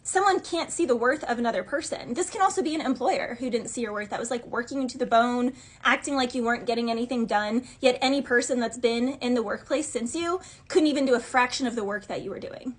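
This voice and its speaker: Chatty woman tarot reader with a high, sassy delivery. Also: fast, hardly any pauses, husky. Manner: chatty and sassy, voicing imagined gossips. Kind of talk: casual tarot reading monologue.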